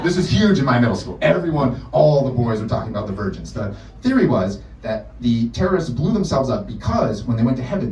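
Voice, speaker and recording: A young man from the United States tells stand-up stories in a profane, animated way. His delivery swings widely in pitch. He is heard from a distance in an echoey bar, with loud crowd-room ambience underneath. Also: background noise. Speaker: stand-up comedian. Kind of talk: stand-up set. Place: bar in front of a live audience. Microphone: distant room recording.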